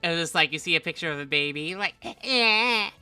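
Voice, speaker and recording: Woman streamer, casual chat, bright tone, lowish voice, faint music behind. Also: rapid-fire, no room sound. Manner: animated storytelling with frequent laughs and acted-out voices.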